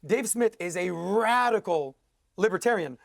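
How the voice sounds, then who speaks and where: A man's voice: high-pitched, lively intonation, a little slow, creaky, no room sound, clean studio sound. A man arguing as a guest in a heated TV debate, combative and sarcastic.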